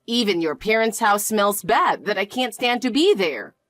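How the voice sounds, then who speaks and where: A woman's voice: medium pitch, animated, fairly bright tone, no room sound, studio quality, natural voice. A woman doing a scornful, bullying mother-in-law. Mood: cutting. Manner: cold, cutting, slow and scornful. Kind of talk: dramatized story dialogue.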